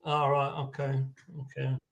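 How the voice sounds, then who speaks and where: A man from England who has lived in Western Australia a long time, with an English accent carrying a slight Australian twang, calling into a live stream and speaking in a hesitant, halting way. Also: mid-range voice, monotone, fairly bright tone. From England, living in Western Australia. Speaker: caller.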